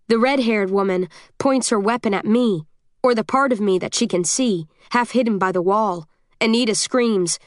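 A woman narrating a first-person audiobook in a steady, measured, tense way. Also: medium pitch, no room sound, clean studio sound.

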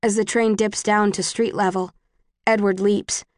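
A woman reading a first-person audiobook in an even, plain storytelling voice. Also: mid-range voice, measured pace, no echo, studio quality. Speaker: audiobook narrator.

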